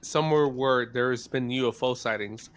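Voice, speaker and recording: A man hosting a casual podcast chat, musing aloud in a halting, hesitant way. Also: mid-range voice, fairly bright tone. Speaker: podcast host.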